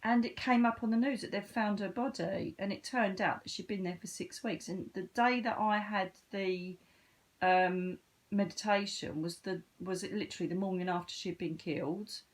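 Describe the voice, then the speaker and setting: Woman, middling pitch, chatty, animated, casual storytelling, psychic medium. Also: moderate pace. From Britain. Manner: chatty and animated, with sudden lively lifts of voice.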